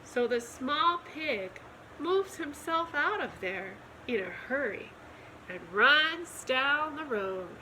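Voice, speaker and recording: Slow, expressive woman reading a storybook. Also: high-pitched, slight background noise, rough recording. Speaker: storytime reader. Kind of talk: reading a children's picture book aloud.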